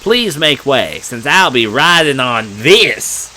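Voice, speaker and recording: A mysterious, forward teenage girl, as a man plays her in a horror game. She teases and presses with a slightly raised, bright voice. Her delivery is slow and unhurried. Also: medium pitch, very animated, a little hiss or hum, full character voice, low-quality recording. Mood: teasing. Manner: teasing, forward.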